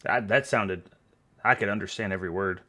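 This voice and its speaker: A man's voice: lowish voice, brisk, bright, forceful tone. A man with a Texan accent, casually reacting to video clips, chatty and often laughing. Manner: chatty, laughing, stumbling over words.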